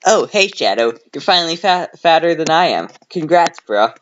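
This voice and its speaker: A man's voice: a little high, very animated, normal speed, noisy background, voice pushed up. A man voicing a cocky young male hedgehog who talks in a smug, flippant way. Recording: slightly dull home recording.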